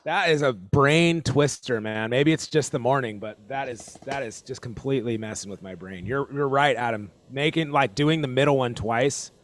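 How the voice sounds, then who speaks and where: A man's voice: medium pitch, normal speed, slight background noise. A man leading a live-streamed group drum lesson over a video call. He is exclamatory, laughs often and counts the players in.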